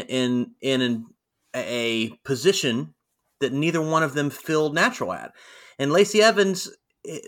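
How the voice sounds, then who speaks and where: A man's voice: a little high, fairly bright tone. A man co-hosting a podcast, talking in a blunt, critical and emphatic way in casual chat. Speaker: podcast co-host.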